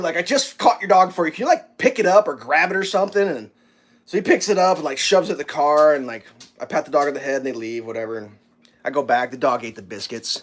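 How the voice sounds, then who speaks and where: A young man casually telling a story while cooking breakfast, acting out the voices of the people in it. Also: high-pitched. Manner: animated, acts out quoted voices. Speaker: vlogger.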